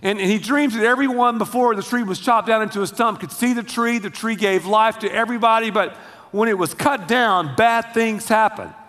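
A man preaching a sermon, telling the story in a lively, slangy way. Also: high voice, normal speed, in a large hall. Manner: animated storytelling with slangy asides. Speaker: pastor.

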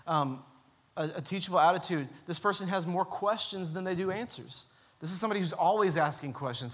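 Pastor guy preaching in church, kinda high voice, earnest and pushy. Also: a little fast, a bit bright. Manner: earnest, repetitive, urging. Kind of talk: sermon.

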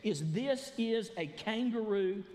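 Animated preaching man in echoey church. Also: high voice, takes it slowly. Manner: animated preaching, rising to shouts for emphasis. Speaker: pastor. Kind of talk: sermon. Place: church sanctuary.

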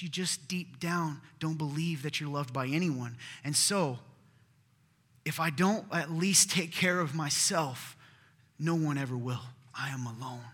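A male pastor preaching a sermon in an earnest, conversational way, swinging from loud to hushed. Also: a little high, husky. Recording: long reverb of a large hall.

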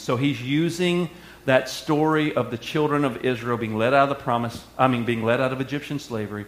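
A male pastor preaching a sermon with energetic call-and-response delivery. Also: medium pitch, fairly quick. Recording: echoey hall.

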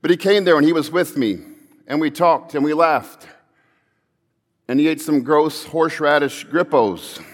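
A man's voice: medium pitch, long reverb tail. A man preaching a sermon, telling a story earnestly and building to emphatic calls.

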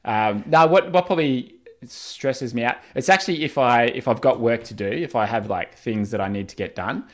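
A man, chatting in a relaxed, rambling way and laughing often. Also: mid-range voice, normal speed. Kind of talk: casual chat.

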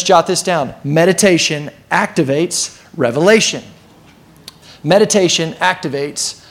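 Guy pastor preaching to his church, lively, kinda high voice. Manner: animated preaching, acts out quoted voices. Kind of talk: sermon.

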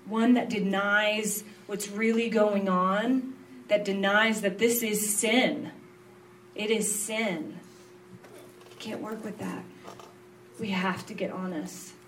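A woman, a pastor's wife, giving an earnest, confessional sermon that moves between quiet low passages and emphatic rises. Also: recorded from a distance, slight background noise.

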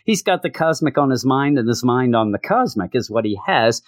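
A man's voice: mid-range voice, animated, moderate pace, few pauses, dry recording. Male comic book reviewer, casual and chatty, rambles with fillers, dry unechoed delivery. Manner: rambling, enthusiastic, lots of fillers.

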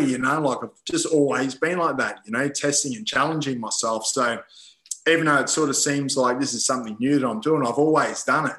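A man's voice: mid-range voice, fairly quick, a bit bright, echoey room, rough recording. A man, a podcast guest, telling personal stories in casual conversation, rambling with many fillers and frequent swearing, acting out his own past thoughts.

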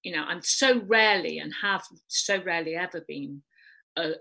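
A woman's voice: on the low side, moderate pace, creaky, bright, forceful tone, low-quality recording. A woman with a North Welsh accent, chatting casually and animatedly in rambling asides. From North Wales. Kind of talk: casual chat.

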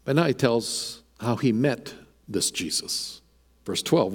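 A man's voice: mid-range voice, lively intonation, slow pace, slightly rough, big-room sound. A man preaching a sermon as pastor, emphatic, repeating words as he builds his points.

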